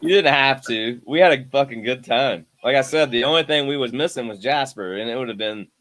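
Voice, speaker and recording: A man's voice: mid-range voice, a little fast, a bit bright. A man co-hosting a podcast, telling stories in an easygoing way and swearing casually. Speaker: podcast co-host. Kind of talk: casual chat.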